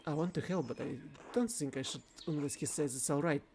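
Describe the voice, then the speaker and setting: A man's voice: on the high side, fairly quick, a little mellow, a little hiss or hum, lightly acted. A man reading the lines of a timid, anxious young monk in a game, fearful and pleading.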